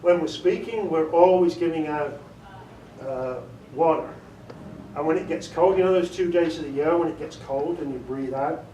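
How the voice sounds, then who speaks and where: This man's voice is a little high and mellow, moving at a normal speed. Addressing a group in a meeting room, he gives a casual, chatty talk on audiobook narration, amused by himself, laughing often and demonstrating inflections. The muffled, echoey recording was made from far off, with slight background noise.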